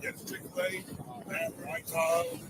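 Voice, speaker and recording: A man excitedly telling police about a dispute, swearing and acting out the other man's lines. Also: a little high, a little slow, distant mic, heavy background noise. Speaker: man involved in a roadside dispute. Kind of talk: agitated account to police.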